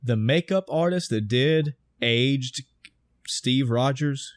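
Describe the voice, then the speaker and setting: Male podcast co-host, mid pitch, animated play-by-play recap, dry close recording. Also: slow, no room sound. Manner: excited retelling with swearing and quoted dialogue. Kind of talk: casual film discussion.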